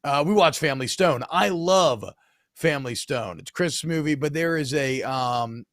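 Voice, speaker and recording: Animated man on a dry close mic. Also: a little high, moderate pace, no room sound. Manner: animated, self-mocking storyteller. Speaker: co-host. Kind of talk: casual sports podcast chat.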